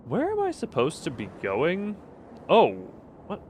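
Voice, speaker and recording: A man's voice: sits high, wildly swooping pitch, a little slow, a little mellow, slight background noise. A man streaming a horror game, giving rambling, jokey, self-mocking commentary as he plays. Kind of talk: casual gameplay commentary.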